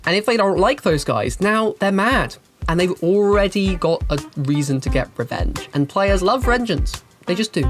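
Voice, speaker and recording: A woman hosting a channel, giving game master advice in an animated, chatty and emphatic way. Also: medium pitch, normal speed, over music. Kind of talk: casual advice talk and storytelling.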